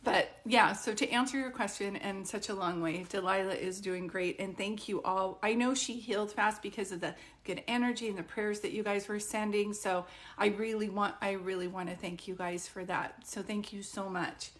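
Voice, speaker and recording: A woman's voice: medium pitch, fairly even intonation, normal speed. A woman psychic medium chatting casually and at length with viewers during a live stream. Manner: chatty and rambling, talking straight to viewers.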